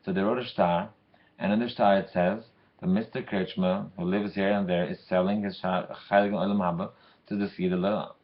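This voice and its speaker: A man telling a story for a weekly Torah lesson in a lively way, acting out the characters. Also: deep voice, normal speed, lo-fi sound.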